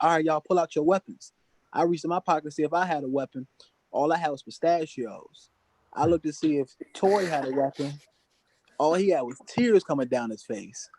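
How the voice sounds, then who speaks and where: This man's voice sits on the high side and is a little mellow, with no echo but poor audio quality. A stand-up comedian at an open mic comedy venue, he tells stories in loose, casual street slang.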